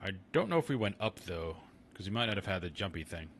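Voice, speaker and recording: A man with a fairly low voice talks his way through a game stream, chatty one moment and muttering to himself the next. The recording carries a clear layer of noise and clicking. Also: big pitch swings, fast. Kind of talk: casual gameplay commentary.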